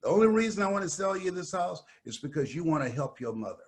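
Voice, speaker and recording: A man voicing a smooth, pressuring house seller. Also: fairly high pitch, big pitch swings, quick pace, a little mellow, pitched above the performer's own voice. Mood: pushy. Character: pushy middle-aged house seller.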